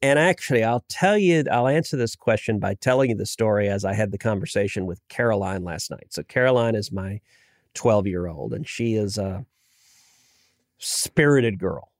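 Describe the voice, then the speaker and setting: Chatty middle-aged man, halting anecdotes. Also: fairly low pitch, no echo, clean studio sound. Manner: animated storytelling with frequent restarts and stammers. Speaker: senator, podcast guest. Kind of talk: casual political podcast chat.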